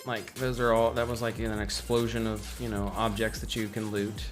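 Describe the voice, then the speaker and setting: A man's voice: on the low side, flat delivery, normal speed, faint music behind. A man casually chatting on a livestream while building a game, rambling and answering viewer questions. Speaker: game developer streaming live.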